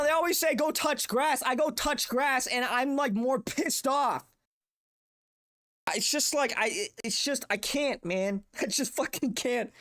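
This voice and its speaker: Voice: medium pitch, a bit bright. A young adult streamer ranting casually, profane, exasperated and rambling. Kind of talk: casual livestream rant.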